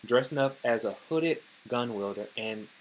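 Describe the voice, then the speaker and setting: Guy doing a loose news-talk vlog, mid-pitch voice, lots of "you know"s and "like"s, kinda rambly. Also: normal speed, slight background noise. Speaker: vlogger. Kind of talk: casual news commentary vlog.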